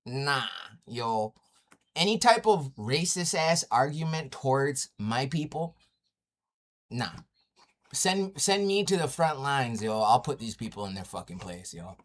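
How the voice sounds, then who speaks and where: Brash, lively man ranting on a livestream. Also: medium pitch, measured pace. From Indigenous North America. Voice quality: brash, profane trash talk with frequent laughs. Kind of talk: casual live-stream rant. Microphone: streaming mic at home.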